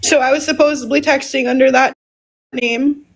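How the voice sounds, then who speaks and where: A woman telling her story as a guest on a livestream, tearful and emotional, halting with pauses and restarts. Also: high-pitched, steady tone, rough recording. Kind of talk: casual livestream talk.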